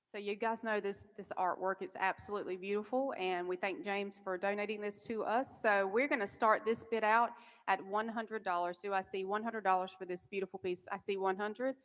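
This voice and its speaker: A woman's voice: medium pitch, steady tone, a little fast, hardly any pauses, fairly bright tone. Upbeat woman emceeing in a hall. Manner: upbeat and encouraging, thanking donors. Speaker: event host. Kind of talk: emcee at a charity auction. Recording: reverberant event hall.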